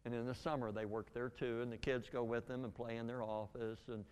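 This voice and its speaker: Older man, earnest halting storyteller, reverberant hall. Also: mid-range voice, level tone, a little mellow, clean tone. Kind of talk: spoken testimony. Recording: long reverb in a large hall.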